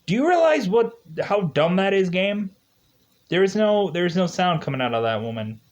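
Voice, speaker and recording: Chatty guy rambling over his game, kinda high voice, dull lo-fi mic. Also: big pitch swings, moderate pace. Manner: rambling, chatty, laughs often. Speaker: gaming video host. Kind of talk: casual gameplay commentary. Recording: dull lo-fi recording.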